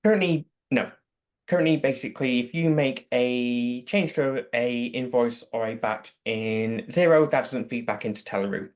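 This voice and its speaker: Guy on a webinar call, average pitch, explaining product stuff step by step, very practical. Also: moderate pace. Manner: explanatory, matter-of-fact, practical. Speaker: product expert answering questions. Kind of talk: webinar Q&A answers.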